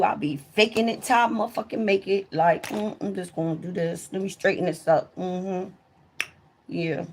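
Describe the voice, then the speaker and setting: A woman with a fairly low voice tells stories to her viewers on a live stream. She swears freely and keeps talking straight to the people watching. When a story peaks, she gets loud and excited. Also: a little hiss or hum. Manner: profane, talks straight to viewers. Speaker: livestreamer. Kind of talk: casual storytelling to a live audience.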